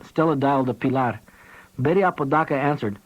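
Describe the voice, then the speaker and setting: A man reading an audiobook, telling the story with lively, dramatic energy. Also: mid-range voice, a little fast. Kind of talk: audiobook narration. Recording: dull lo-fi tape audio.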